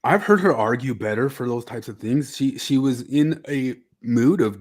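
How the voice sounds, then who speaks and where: A man's voice: mid-range voice, expressive, normal speed, hardly any pauses. A man hosting a podcast in casual chat, easygoing and amused.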